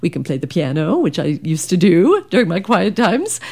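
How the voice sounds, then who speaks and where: Lively middle-aged woman co-hosting a faith podcast. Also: fairly low pitch, normal speed, slightly rough. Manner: animated storyteller, laughs often. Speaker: podcast co-host. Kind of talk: casual faith chat.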